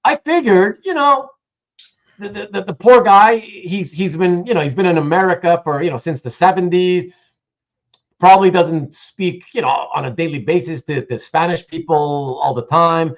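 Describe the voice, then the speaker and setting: A man's voice: high voice, normal speed, highs cut off. A man hosting a casual livestream, chatting with a guest and reading out viewer comments, with many restarts. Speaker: host.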